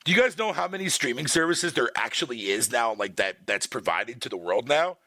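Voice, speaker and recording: A man's voice: mid-range voice, expressive, fairly quick, pushed and bright, no echo. A man streaming, ranting casually with heavy profanity, laughing often. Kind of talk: casual livestream rant.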